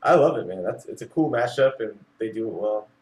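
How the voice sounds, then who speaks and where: A man's voice: on the low side, animated, a little fast, darkish tone. A man co-hosts a comic book podcast with plenty of enthusiasm, filling his talk with "like". He is from Massachusetts, and his voice carries a roomy echo. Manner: enthusiastic, says "like" a lot. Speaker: podcast co-host. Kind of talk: casual chat.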